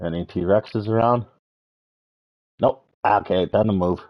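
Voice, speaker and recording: Streaming a game live, a man from Canada offers casual commentary, playfully chatting, humming, and taunting himself. He takes it slowly in a fairly low voice, captured with dull lo-fi audio.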